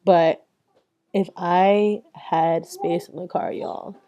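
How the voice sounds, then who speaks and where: A woman's voice: fairly low pitch, fairly even intonation, slow pace, warm tone. A young adult woman vlogger giving a candid, reflective voice-over, casual and swearing freely.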